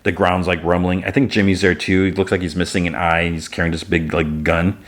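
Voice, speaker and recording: A man's voice: low-pitched, level tone, fairly quick. A male podcast host casually recapping an episode, rambling with lots of fillers. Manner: rambling, filler-heavy storytelling.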